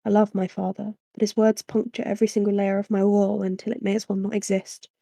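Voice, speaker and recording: A young woman reading a novel aloud on a livestream into a desk microphone at home, in a soft, unhurried narration with chatty asides. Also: mid-range voice, flat delivery, gravelly, no room sound, studio quality. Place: small room at home.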